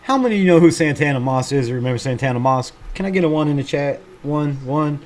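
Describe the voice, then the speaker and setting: A man's voice: a little high, lively intonation, quick pace. A man hosting a fan livestream, chatting casually and reading out viewer comments in a laid-back, swearing, self-mocking way. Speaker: fan channel livestream host.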